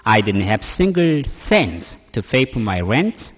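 Korean-accented preacher in an echoing hall. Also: male voice, medium pitch, big pitch swings, slow. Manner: emotional storytelling with many fillers. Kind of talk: testimony sermon. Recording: dull audio in a reverberant hall.

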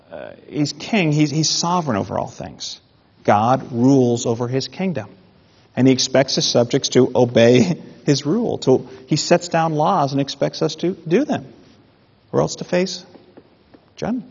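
A man preaching a sermon in an animated way, with mock-indignant asides. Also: on the high side, vocal fry, slightly rough. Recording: dull sound in a reverberant hall.

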